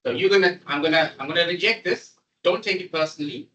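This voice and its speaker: A man giving a classroom programming lecture, animated and repetitive as he coaxes his students along. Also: on the high side, fast talker, dull audio. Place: lecture room. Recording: voice distant from the mic.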